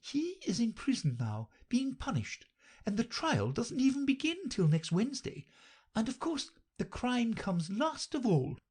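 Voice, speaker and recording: A woman's voice: big pitch swings, unhurried, darkish tone, husky, exaggerated voice. Woman voicing the fluttery White Queen. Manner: high, fluttering and plaintive. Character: flustered, untidy elderly queen, vague and melancholy.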